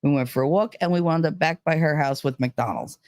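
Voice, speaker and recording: A woman's voice: low-pitched, a little fast, a little mellow, no room sound. A woman telling a personal story in a casual, rambling way, full of "like" and "you know.". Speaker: vlogger.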